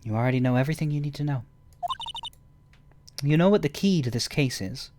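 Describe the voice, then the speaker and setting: A man voicing a composed female lawyer mentor who speaks in a quiet, measured, firm way. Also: mid-range voice, expressive, noisy background, natural voice. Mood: calm.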